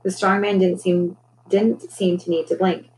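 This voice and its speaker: A woman, a teacher, reading a children's novel aloud in a gentle, clear storytelling manner. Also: on the low side, level tone, moderate pace, slight background noise, poor audio.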